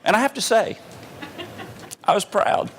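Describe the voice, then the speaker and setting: A man telling a self-mocking comic story on stage, animated and full of pauses and restarts. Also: high-pitched, heavy background noise. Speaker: humorous keynote speaker.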